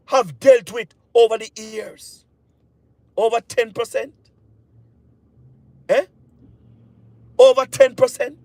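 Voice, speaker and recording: A man's voice: very high-pitched, dry recording. A Jamaican man giving an impassioned political rant on a live stream, repeating phrases with heavy emphasis. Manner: repetitive, emphatic, drawn-out phrases.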